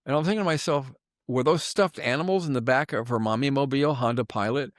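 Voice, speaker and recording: A man's voice: medium pitch, fast, dry recording. Brief: older male commentator, sarcastic and furious, dry close sound. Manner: angry, emphatic, sarcastic. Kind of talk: monologue political commentary.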